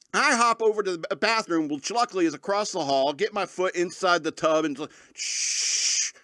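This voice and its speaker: A man's voice: a little high, a bit bright, dry recording, clean studio sound. Rambling, laughing male podcast host. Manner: rambling storyteller, laughs often, mock-angry rants. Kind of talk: casual comedic monologue.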